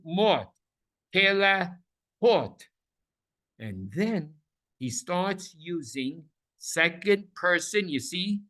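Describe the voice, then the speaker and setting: A man teaches a scripture class with lively energy and a bright, forceful voice, his pitch sitting a little high for a man. He repeats key words over and over and keeps checking that his listeners are following along. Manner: animated, repeats words for emphasis, asks listeners questions.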